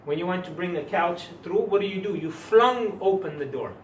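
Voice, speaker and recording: A man with a somewhat high voice gives a religious lesson to his students, leaning hard on key words and firing questions at the class. He is picked up from a distance in a reverberant room. A faint hum of ambience sits underneath. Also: animated, moderate pace. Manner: emphatic, quizzes students with rhetorical questions. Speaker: Islamic teacher. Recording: echoey room recorded from afar.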